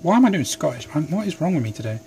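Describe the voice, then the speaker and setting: A young man with a slightly higher voice talks in a loose, rambling, self-deprecating way as he works at a home bench. He sounds a little sleep deprived. A faint hum sits under the phone recording. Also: big pitch swings, very fast, mellow. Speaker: hobby craft vlogger. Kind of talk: casual chat while working. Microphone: phone camera.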